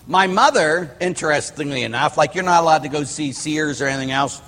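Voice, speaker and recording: A middle-aged Catholic priest from Pittsburgh giving a sermon, rambling through personal stories with restarts and asides. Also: male voice, a little high, fairly quick, pushed and bright. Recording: hall reverb.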